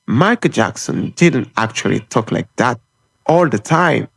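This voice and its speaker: A man's voice: mid-range voice, animated, a little slow, creaky, no room sound. A man delivering an impassioned, opinionated film commentary monologue in short, punchy phrases.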